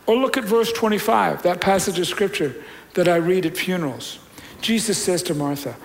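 A man preaching a sermon as a pastor, retelling scripture in a conversational, storytelling way with loud peaks and quiet stretches. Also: high-pitched, a little hiss or hum, low-quality recording.

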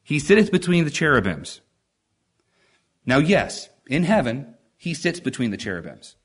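A man's voice: fairly high pitch, very animated, moderate pace, breathy edge. A man preaching a sermon, reading scripture and asking the congregation rhetorical questions with strong emphasis.

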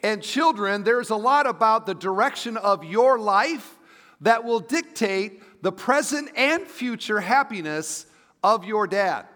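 A middle-aged man, a pastor, giving a conversational sermon, dropping to soft asides and rising to emphatic points. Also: sits high, lively intonation, unhurried. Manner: conversational preaching, shifting between soft asides and emphatic rises. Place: church sanctuary. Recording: long reverb of a large hall.

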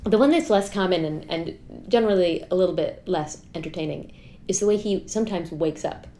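An American woman telling anecdotes in a casual podcast chat, in an animated way. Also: fairly low pitch, brisk. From United States. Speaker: blogger, podcast guest.

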